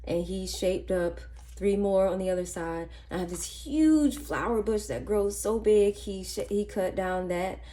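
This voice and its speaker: A woman vlogging casually, telling a chatty, animated story and counting money softly under her breath. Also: mid-range voice, unhurried. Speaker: budgeting vlogger. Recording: faint background noise and clicks.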